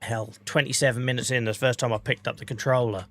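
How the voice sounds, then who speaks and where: A man's voice: medium pitch, fairly even intonation, quick pace, a bit bright, soft background music. A man from the UK with an English regional accent chatting casually on a live gaming stream, a bit under the weather and coughing now and then, laughing often.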